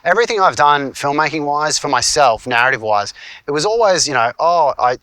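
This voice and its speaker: A man's voice: on the high side, lively intonation, fast, pushed and bright, no echo. A man in his forties with an Australian accent, a filmmaker and teacher chatting in a casual vlog, rambling with lots of fillers and restarts. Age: 40s.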